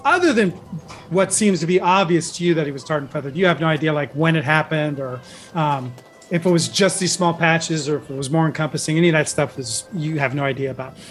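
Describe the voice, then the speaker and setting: High-voiced man running a tabletop game. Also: fast talker, fairly bright tone, faint music behind. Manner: rambling, many fillers and restarts. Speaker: game master.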